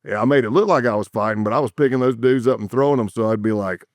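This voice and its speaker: A fast-talking former undercover agent from South Carolina, middle-aged with a mid-range voice, shares stories as a guest in a laid-back interview. The studio-quality recording is dry, and he acts out the people he quotes with lots of energy.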